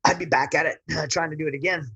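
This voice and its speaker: A man's voice: fairly high pitch, fairly even intonation, fast talker, vocal fry, bright, forceful tone, husky, rough recording. A man, a military veteran guest, telling his personal story in an earnest, rambling way with frequent restarts.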